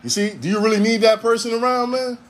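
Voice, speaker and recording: Very high-pitched and fast, this man is a podcast host in his forties from Ohio, USA. He rambles through a casual, profane monologue that carries the rhythm of a preacher.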